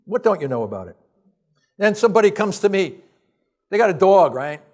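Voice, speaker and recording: Man, science lecture, slightly high voice, emphatic, exasperated, blunt rhetorical questions, casual phrasing. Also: very animated, a little fast, darkish tone. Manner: casual, off-the-cuff phrasing with restarts. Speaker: professor giving a lecture.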